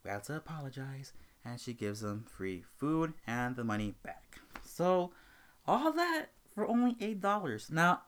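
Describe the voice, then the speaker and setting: A young man hosting a casual talk show, telling an animated story about a rude customer and acting out both sides of the argument. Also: fairly high pitch, a little slow. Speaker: host.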